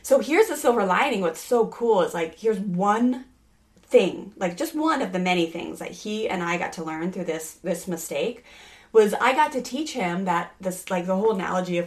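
A woman's voice: medium pitch, sing-song, normal speed. A woman in her thirties, a parenting speaker, talking earnestly in a casual podcast conversation, rambling with many fillers and restarts.

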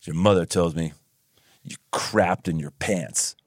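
A gruff construction-worker dad, done by a male storyteller, menacing in a slow, dropped voice. Every word lands as a threat, and the recording is dry and close. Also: low voice, dry recording, pitched below the performer's own voice, heavily acted.

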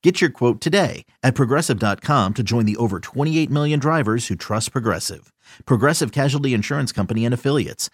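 A man reading a polished insurance advertisement, his voice in a middle register. He keeps the read smooth and upbeat. The sound is dry and close. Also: mid-range voice, lively intonation, fairly quick, dry recording. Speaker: ad announcer.

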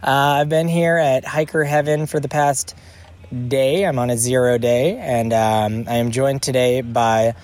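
A man's voice: mid-range voice, steady tone, a little slow, a little mellow. A man hosting a casual podcast interview outdoors at a hiker hostel, upbeat and loose, laughing often. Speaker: podcast host.

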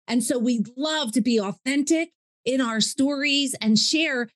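A woman's voice: sits high, unhurried, dry recording, studio quality. A woman hosting a podcast interview, enthusiastic and emphatic, encouraging her guest. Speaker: podcast host. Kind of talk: upbeat interview chat.

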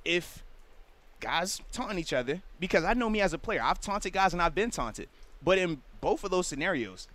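A man with a notably high voice talks sports as a former pro player. He is earnest and explanatory, and dips low and quiet when he drives a point home. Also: expressive, moderate pace. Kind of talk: casual sports radio chat.

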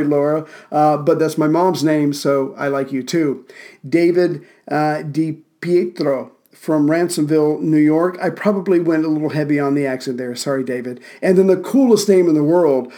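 A man's voice: fairly high pitch, warm tone. A man hosting a history podcast from Central Virginia, narrating events with dry, wry asides and thanking listeners casually.

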